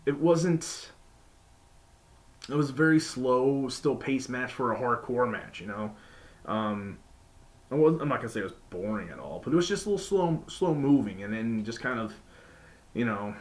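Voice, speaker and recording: A man giving a casual spoken review of a wrestling show, rambling with many fillers and restarts, and acting out quotes in sudden high-pitched voices.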